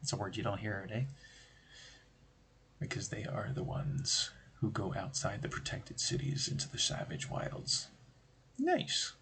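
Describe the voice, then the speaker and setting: A man's voice: on the low side, flat delivery, moderate pace, fairly bright tone, a little hiss or hum. A man hosting a stream, explaining tabletop game design in a rambling, conversational way with joking asides. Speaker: stream host.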